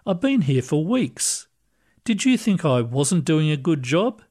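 A man putting on a gentle, bewildered ghost of a retired woman. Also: fairly high pitch, sing-song, measured pace. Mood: puzzled. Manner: soft, wondering questions.

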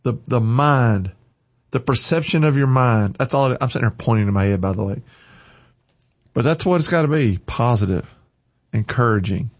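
A man's voice: mid-range voice, moderate pace, no echo, highs cut off. A man hosting a Christian radio morning show, talking casually with an encouraging, preachy energy in a studio. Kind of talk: casual on-air talk.

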